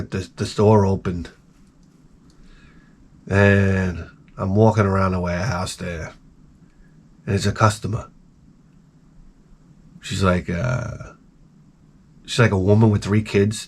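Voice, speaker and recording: A man telling stories in a casual, profane monologue, animated and acting out the people he quotes. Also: on the low side. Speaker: video creator.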